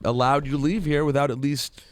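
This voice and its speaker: A man's voice: a little high, fairly even intonation, fairly quick, no echo. A man hosting a late-night radio interview, talkative and joking. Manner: talkative, joking, self-deprecating. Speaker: radio show host. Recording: radio studio with music behind.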